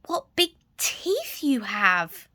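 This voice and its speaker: A careful little storybook girl speaks slowly and with wonder, as a woman reads her aloud. Her voice is high and bright. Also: huge pitch swings, heavily acted. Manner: slow, wondering. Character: careful young girl in a red hood.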